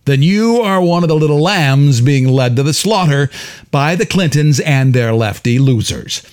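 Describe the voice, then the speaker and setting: A man voicing a hostile, ranting middle-aged customer with a rasping voice. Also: fairly high pitch, animated, moderate pace, darkish tone, voice pushed up, natural voice.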